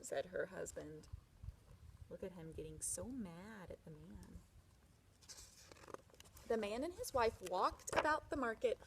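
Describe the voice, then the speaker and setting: Lady reading a kids book out loud, bouncy voice, chatting along the way. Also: medium pitch. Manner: warm, expressive, chatty asides. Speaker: storyteller reading a picture book aloud. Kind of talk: children's read-aloud.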